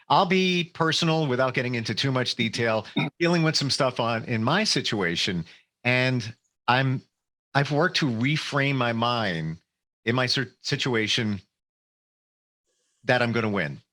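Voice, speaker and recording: Bright-voiced man hosting an interview. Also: mid-range voice, lively intonation, measured pace. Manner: earnest, personal, stumbles on words. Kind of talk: interview conversation.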